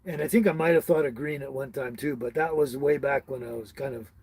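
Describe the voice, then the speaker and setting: A man's voice: mid-range voice, brisk, darkish tone, slightly rough, rough recording. A middle-aged man hosting a casual live stream, chatting with viewers by name in a rambling way and laughing often. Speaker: livestream host.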